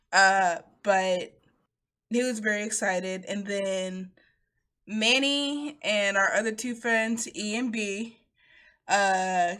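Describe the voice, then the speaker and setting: A woman in casual chat, swearing freely and laughing often as she tells stories. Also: mid-range voice. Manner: laughing, profane, animated storytelling.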